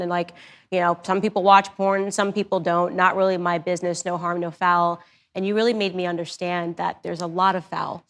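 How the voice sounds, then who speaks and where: A woman in her thirties hosting a podcast interview, asking questions in an earnest, emphatic way. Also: fairly low pitch. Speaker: podcast host. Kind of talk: interview conversation.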